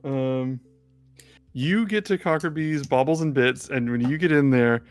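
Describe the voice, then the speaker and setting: A man narrating as game master of a tabletop game, relaxed with frequent ums. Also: mid-range voice, unhurried, faint music behind.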